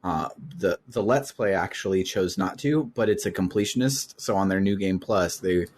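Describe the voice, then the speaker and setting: A man's voice: sits low, normal speed, a little mellow. A man hosting a casual video game discussion, laughing often and hesitating with fillers. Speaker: podcast host. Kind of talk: casual game-club chat.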